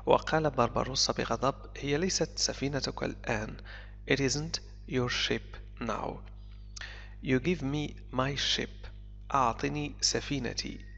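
A male English teacher whose first language is Arabic reads a story aloud, translating it line by line. He talks slowly and repeats key words for learners. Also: medium pitch, creaky, a bit bright. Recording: echoey, dull lo-fi recording.

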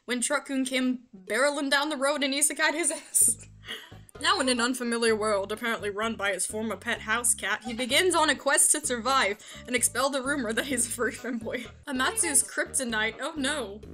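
A high, bright woman's voice reading fanfiction aloud on a stream in a quick, casual narration, breaking into giggles. Faint music runs in the background. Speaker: streamer host.

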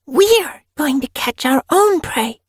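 A man's voice: slow, dry recording, studio quality, exaggerated voice. Storm Kit, an eager boy kitten. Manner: high, excited, boastful. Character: bold eager young male kitten, brave and restless.

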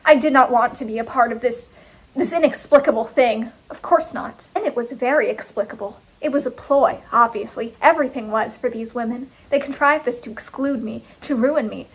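A woman author reading her own first-person short story in a clipped, deliberate delivery. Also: a little high, slightly rough, low-quality recording.

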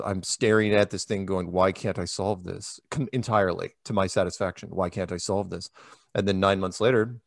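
Rambling low-voiced American man. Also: no echo, clean studio sound. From United States. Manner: rambling, many restarts and acted-out quotes. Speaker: interview guest. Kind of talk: casual interview talk.

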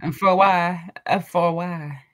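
Woman, podcast co-host, casual chat, teasing, animated, laughs a lot. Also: fairly low pitch, takes it slowly, crowd noise.

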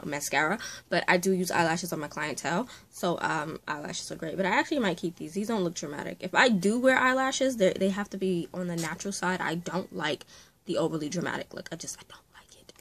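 A young woman, a makeup artist, chatting through a casual unboxing vlog, gushing and often dropping into breathy whispered exclamations. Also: on the low side, a little fast, fairly bright tone.

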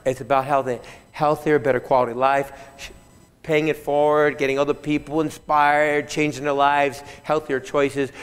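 A man, a fitness trainer, telling stories in an animated, chatty way at a conference, often chuckling as he speaks. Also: fairly high pitch, normal speed, clear, resonant tone. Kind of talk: keynote storytelling. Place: large conference hall. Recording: reverberant conference hall.

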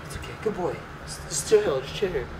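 A young man hosting a vlog in a jumpy, exclamatory way, repeating himself fast. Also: a little high, lively intonation. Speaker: YouTube host. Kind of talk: excitable vlog chatter. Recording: noisy background hiss.

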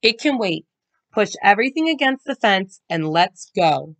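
A woman voicing a stern mother who scolds in a sharp, firm voice. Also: medium pitch, very animated, normal speed, voice pushed up. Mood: scolding.

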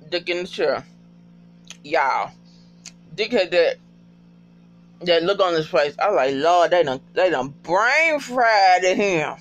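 A man casually recapping a TV episode in a profane, emotional, animated storytelling way. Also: sits high, highs cut off.

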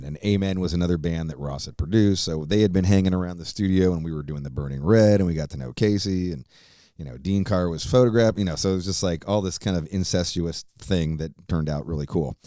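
Deep-voiced man telling a rambling story. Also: mellow, dry recording, clean studio sound. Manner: profane, rambling, lots of fillers. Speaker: podcast host. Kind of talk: casual storytelling.

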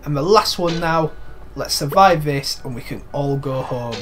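A man's voice: a little high, normal speed, soft background music. A man from England chatting casually as a game streamer, rambling as he plays. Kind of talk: casual live commentary.

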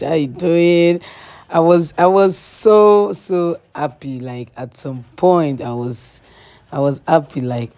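A woman's voice: a bass voice, warm tone. A young Nigerian woman doing a casual vlog voice-over, telling a story with shy giggles and slipping into pidgin. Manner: giggly, breathless, mixes in pidgin. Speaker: vlogger.

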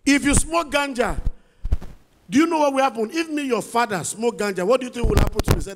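High-voiced Nigerian man doing stand-up. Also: fast talker, noisy background. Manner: animated storytelling, acts out his son in a squeakier voice. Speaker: stand-up comedian. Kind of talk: stand-up comedy performance. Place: comedy show stage.

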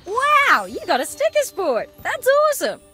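A woman's voice: very high voice, wildly swooping pitch, moderate pace, bright, forceful tone, soft background music, heavily acted. A woman voicing a cheerful young female cartoon puppy in a video game, with bubbly, sing-song praise. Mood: delighted.

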